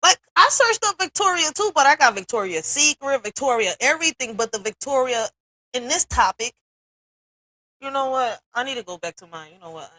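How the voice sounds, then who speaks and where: A woman with a high, bright voice chats candidly as a livestream host. She swears and laughs freely, and her voice sounds close and dry. She talks straight into a computer mic at her desk. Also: sing-song, a little fast, no room sound, rough recording. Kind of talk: casual livestream commentary.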